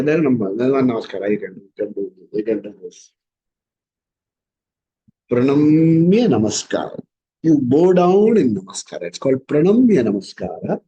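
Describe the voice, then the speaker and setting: A man giving a scripture discourse as a spiritual teacher. He explains slowly and chants Sanskrit verses. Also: fairly high pitch, mellow, slightly rough, rough recording.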